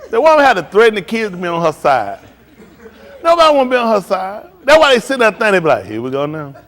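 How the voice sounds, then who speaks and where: An older man spins joking stories on a live stream and slips into other people's voices as he goes. His voice sits fairly high and swings widely as he talks. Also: big pitch swings, fast, fairly bright tone. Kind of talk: casual storytelling chat.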